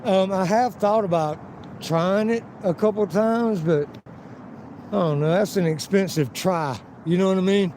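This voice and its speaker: A man with a high-pitched, slightly mellow voice live-streams while walking outdoors by a river and through town streets, speaking at a measured pace. The rough recording has slight background noise as he tells rambling, profanity-filled stories, acting out what people said.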